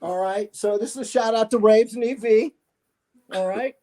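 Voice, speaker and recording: A man with a high-pitched voice spins loose, animated stories as a podcast host. He rambles through anecdotes with plenty of asides, keeping it casual and chatty. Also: normal speed. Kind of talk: casual storytelling.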